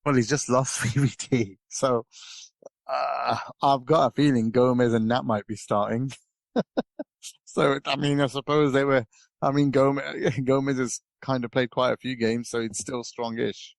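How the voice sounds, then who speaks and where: A man's voice: medium pitch, fairly even intonation, a little slow, vocal fry, no echo. A man chatting casually as a podcast pundit, rambling with lots of fillers and restarts. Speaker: guest pundit.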